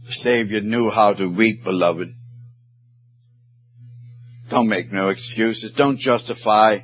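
Male preacher, slow, emotional sermon delivery, muffled lo-fi sound. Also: on the low side.

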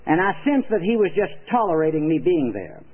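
A man's voice: on the high side, very animated, brisk, narrow, tinny audio. An older man preaching an evangelistic sermon, earnest and emphatic, telling stories from his ministry.

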